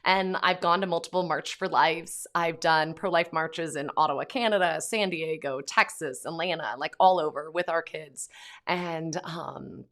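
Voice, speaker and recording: A woman's voice: low-pitched, moderate pace, fairly bright tone. A woman, a mother, talking casually to camera in a vlog from home, with lots of "like" and "um" fillers. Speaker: Catholic pro-life vlogger, mother.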